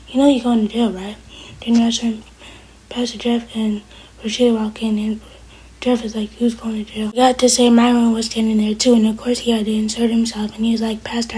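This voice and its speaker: A woman casually recapping a TV episode, retelling scenes through quoted dialogue in a breathy, half-whispered voice. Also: on the high side, dark tone, low-quality recording. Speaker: TV show reviewer.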